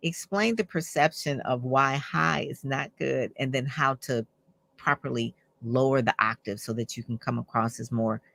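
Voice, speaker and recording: A woman's voice: rumbling low, moderate pace, vocal fry, fairly bright tone. A woman hosting an interview show, chatty and affirming, who often agrees and reacts with enthusiasm. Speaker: host. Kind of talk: interview conversation.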